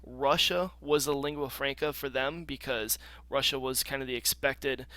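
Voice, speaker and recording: Male teacher, bright dry voice, casual recorded lecture, loose and explanatory with ums. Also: mid-range voice, steady tone, normal speed, no echo. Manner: casual explaining with frequent ums and throat clearing.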